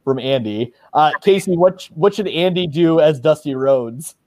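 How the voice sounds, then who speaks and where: A man's voice: on the high side, expressive, unhurried, darkish tone, no room sound. A man hosting a casual podcast chat, loose and chatty, laughing often. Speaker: podcast host.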